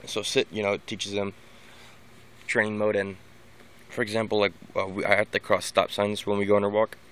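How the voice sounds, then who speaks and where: A man on the low side speaks fairly quickly and completely flat, his voice clear, resonant and a bit bright. In a casual, unscripted vlog monologue he gives tips on training his dog, rambling and often restarting or repeating himself.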